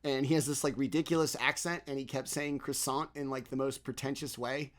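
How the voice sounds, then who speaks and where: A man's voice: medium pitch, steady tone, fairly quick. A man narrating as game master in a tabletop game, in a loose, rambling manner full of fillers.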